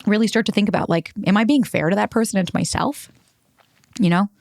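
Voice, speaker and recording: A woman's voice: medium pitch, quick pace, gravelly, a little mellow, no room sound, studio quality. A woman hosting a self-help podcast, talking bluntly with plenty of swearing and acting out the voices of the people she quotes. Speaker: podcast host.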